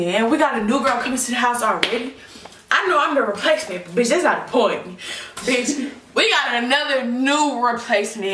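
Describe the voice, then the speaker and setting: A young woman with a high-pitched voice rants in blunt, profane street talk, exasperated and heated. She is a reality show cast member speaking off the cuff outdoors at night. The mic sits far from her, and loud background noise runs under her words. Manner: heated, exasperated venting with lots of cussing. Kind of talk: casual profane storytelling. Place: outdoors at night, then heading indoors.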